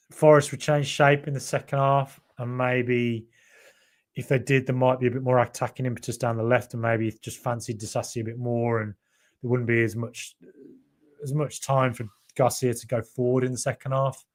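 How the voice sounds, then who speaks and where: A man hosts a football fan podcast in a loose, chatty live-stream style. He talks with animated energy and breaks off to read out viewer comments. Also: medium pitch, measured pace. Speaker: podcast host.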